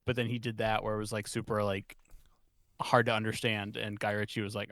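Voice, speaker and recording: A man co-hosting a podcast, chatting casually, rambling and joking and quick to laugh. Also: fairly low pitch, level tone, fairly bright tone, dry recording, clean studio sound. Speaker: podcast co-host. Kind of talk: casual chat.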